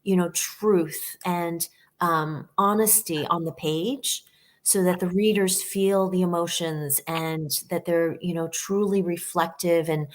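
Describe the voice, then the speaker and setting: A woman's voice: on the low side, steady tone, takes it slowly. A woman author as a guest on a live video chat, talking earnestly with many fillers and telling stories with animation.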